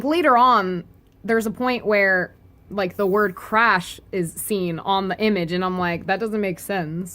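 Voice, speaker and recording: Reviewing a comic on video, this woman keeps things casual and giggly, joking around and leaning on "like" and "anyway." She has a fairly bright voice that sits on the low side.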